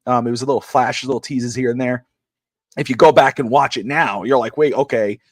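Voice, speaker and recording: A man co-hosting a sports talk show, chatting casually in an excitable, rambling way and often restarting his sentences. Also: medium pitch, brisk, dry recording, studio quality. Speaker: sports podcast co-host.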